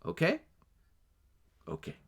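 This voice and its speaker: A man preaching a Bible teaching sermon on a livestream, animated, with asides and rhetorical questions. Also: slow pace. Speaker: pastor.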